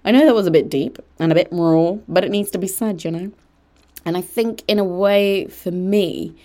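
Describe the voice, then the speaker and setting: Lively young woman hosting from her bedroom. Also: on the low side. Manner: animated, mimics others in quoted lines. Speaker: podcast host. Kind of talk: casual storytelling monologue. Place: bedroom at home.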